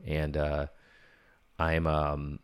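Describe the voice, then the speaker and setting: A man with a very deep, low voice talks through a casual solo podcast update. He rambles and restarts often, speaking candidly into a dry, close mic with no room sound. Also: monotone, drawn-out words, clean tone, no room sound. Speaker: podcast host.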